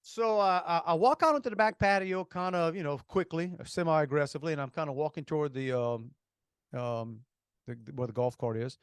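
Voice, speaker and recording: A man's voice: a little high, a little fast, clear, resonant tone, no echo. A man with a Cajun accent, co-hosting a podcast and telling a long rambling story with many restarts. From Louisiana. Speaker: podcast co-host. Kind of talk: casual storytelling.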